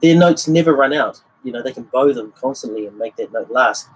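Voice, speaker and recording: The audio is poor as a male guitar teacher, medium-pitched, brisk, and a bit breathy, conducts a casual livestream lesson. He explains technique and sings rhythms as syllables, with guitar sounding behind his voice.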